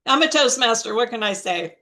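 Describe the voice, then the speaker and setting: A woman speaking as a coach on a video call, giving a motivational talk on public speaking in a deliberate, emphatic way. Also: fairly high pitch, expressive, sharp tone. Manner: slow, deliberate, emphatic delivery. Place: online video meeting.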